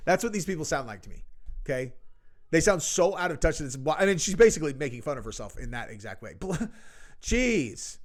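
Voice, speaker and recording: Dude mocking a clip, sarcastic casual commentary, kinda high voice. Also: male voice, very animated, a little fast.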